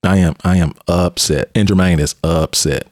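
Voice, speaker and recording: A man hosting a conversation, a police officer and mentor telling a story in an animated way and often restarting his phrases. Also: deep voice, moderate pace, dry recording, studio quality.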